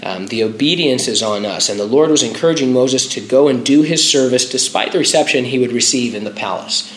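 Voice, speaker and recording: A man's voice: mid-range voice, brisk, fairly bright tone, echoey room, a little hiss or hum, low-quality recording. A pastor preaching a conversational sermon, stopping to restart his phrases and using filler words.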